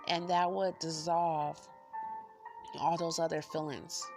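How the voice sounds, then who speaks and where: A woman's voice: deep voice, flat delivery, slow pace. A woman hosting a book review channel, talking loosely and encouragingly and repeating affirmations. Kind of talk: casual spoken book review. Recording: music playing behind voice.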